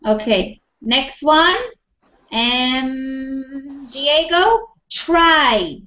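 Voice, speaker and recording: A woman with a high voice teaches an English class over a video call. She talks in an encouraging way and repeats her praise often. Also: extremely slow, bright, forceful tone.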